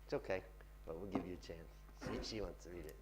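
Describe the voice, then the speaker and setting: Heavy background noise surrounds a man talking at a quick pace in a live pitching workshop held in a seminar room. He varies his volume and speed for effect before the audience.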